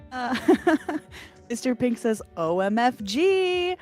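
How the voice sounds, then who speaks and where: A woman with a New York accent co-hosting a livestream, reading viewer messages in a bubbly, animated way and laughing often. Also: fairly high pitch. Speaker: livestream co-host reading chat. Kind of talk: casual livestream chat.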